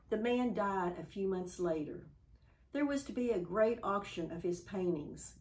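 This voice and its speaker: A woman giving a church devotional, reading a story aloud in a calm, measured way. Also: mid-range voice, poor audio.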